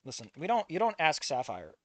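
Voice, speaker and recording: A streamer reading a visual novel aloud in casual commentary, swearing often and swinging from low muttering to loud outbursts. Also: wildly swooping pitch, a little fast, no room sound. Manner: swears a lot, rants and self-mocks.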